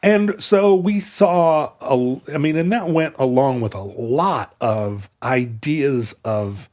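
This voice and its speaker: A man's voice: medium pitch, slow pace, a little mellow. A man co-hosting a podcast, talking through history in a long, winding, explanatory way. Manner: discursive, explaining history at length. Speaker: podcast co-host. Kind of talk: casual chat.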